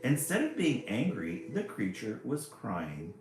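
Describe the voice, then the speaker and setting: A man's voice: mid-range voice, wildly swooping pitch, slow pace, darkish tone, a little hiss or hum. A man reading a children's picture book aloud, with chatty asides about the pictures. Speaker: storyteller. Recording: very echoey room, faint music.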